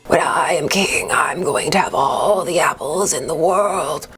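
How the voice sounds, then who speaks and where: A woman voicing a huge, bored male pig king in a low whispered role-play, languid and speaking in the royal we. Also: unhurried, over music. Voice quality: low breathy whisper, drawn out.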